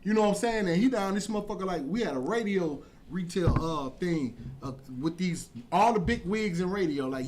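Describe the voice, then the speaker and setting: A man telling a long story in a casual chat, animated and profane, jumping from loud bursts to hushed asides. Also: sits high, a little fast, hardly any pauses, slight background noise. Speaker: podcast guest telling a story.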